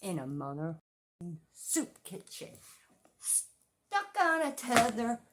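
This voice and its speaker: Animated, profane middle-aged woman ranting. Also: a little high, takes it slowly, background noise. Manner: profane, repetitive and emphatic. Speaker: true-crime commentary vlogger. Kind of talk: ranting commentary.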